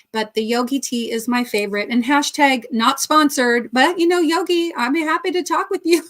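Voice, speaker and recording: A woman hosting a casual livestream, chatting and greeting viewers by name between laughs. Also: fairly high pitch. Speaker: crochet livestream host. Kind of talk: casual livestream chat reading viewer comments.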